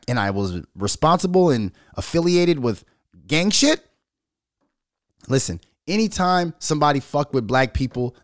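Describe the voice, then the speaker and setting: A middle-aged man ranting in a loud, profane, storytelling way as a commentary vlogger. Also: medium pitch, background noise. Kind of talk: unscripted profane rant.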